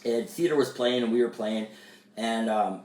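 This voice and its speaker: A man, a musician and producer, chatting casually and telling animated stories, jumping higher when he acts out what people said. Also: moderate pace. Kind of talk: casual storytelling chat. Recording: echoey room, mic at a distance.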